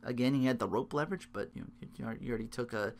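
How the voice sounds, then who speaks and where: A man's voice: medium pitch, racing, a little mellow. A tired man hosting a solo podcast, rambling and interrupting himself as he recaps. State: sleep-deprived. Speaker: podcast host.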